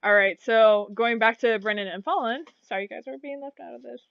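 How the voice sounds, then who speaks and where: A woman game master narrates a tabletop game, rambling through fillers. Her voice sits fairly high. The sound is dry and a little muffled. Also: a little fast, vocal fry, dry recording.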